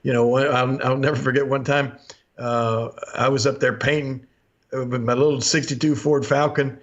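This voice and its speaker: A man's voice: mid-range voice, little pitch movement, moderate pace. An older man, hosting a podcast and telling rambling stories, laughing often and acting out old quotes. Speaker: podcast host. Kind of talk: storytelling chat. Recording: slightly dull lo-fi audio.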